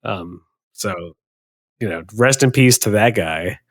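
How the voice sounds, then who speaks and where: A man's voice: lowish voice, lively intonation, slow pace, no echo, studio quality. A man co-hosting a casual podcast, talking bluntly and cursing through exaggerated rants. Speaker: podcast co-host. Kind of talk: casual chat.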